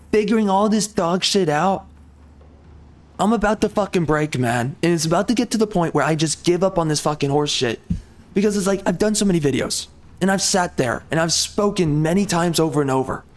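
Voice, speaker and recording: A male gaming YouTuber delivering an angry, heavily profane rant in a blunt, exasperated way. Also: a little high.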